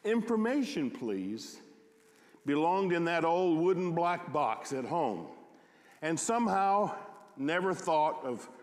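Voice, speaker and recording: A man telling a first-person story aloud at a concert, in a slow, reflective way. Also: fairly high pitch, animated. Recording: echoey hall.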